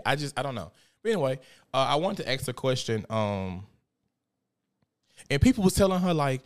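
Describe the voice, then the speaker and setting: A young man hosting a live show, chatting casually and animatedly with lots of swearing. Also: fairly low pitch. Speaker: show host. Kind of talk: casual live-stream commentary.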